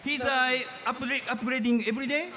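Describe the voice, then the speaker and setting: A man, a guest on the stage, speaking briefly and gratefully in halting English. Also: very high-pitched, steady tone. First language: Japanese. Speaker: guest builder. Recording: loud convention crowd and noise.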